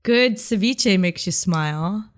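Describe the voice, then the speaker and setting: A woman's voice: medium pitch, lively intonation, takes it slowly. A woman with a head cold co-hosting a casual radio-style show, playful and laughing lightly. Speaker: podcast co-host. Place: outdoors near a beach.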